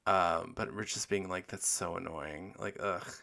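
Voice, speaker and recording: Young man, podcast host, bright tone, gravelly fry, candid casual chat. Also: deep voice, steady tone, a little slow. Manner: candid and chatty, many fillers and giggles.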